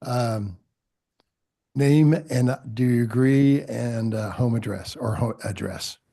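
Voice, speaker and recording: A man runs a formal public hearing from a meeting room, polite and a little halting as he swears people in. His voice is mellow and dark with a gravelly creak. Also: mid-range voice. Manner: courteous, halting with fillers. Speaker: board chair.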